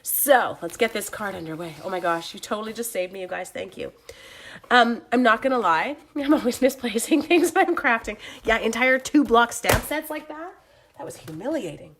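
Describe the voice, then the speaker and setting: A woman's voice: on the high side, animated, normal speed, fairly bright tone, a little hiss or hum. Flustered chatty woman with a cold. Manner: flustered, chatty, moves away from the camera. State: sick with a cold. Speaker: crafting livestream host. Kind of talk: casual live chat.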